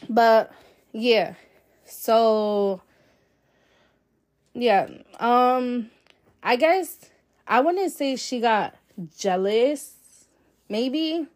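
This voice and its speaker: A woman's voice: fairly high pitch, extremely slow, pauses often. A young adult woman hosting a podcast, telling a personal story in a candid, chatty way, with lots of fillers and swearing. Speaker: podcast host. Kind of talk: casual storytelling. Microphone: solo podcast mic.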